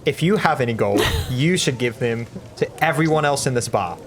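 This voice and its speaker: A man's voice: mid-range voice, expressive, normal speed, music in the background, close to an everyday voice. A man doing a rigid, righteous warrior. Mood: stern. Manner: blunt, stiff, preachy.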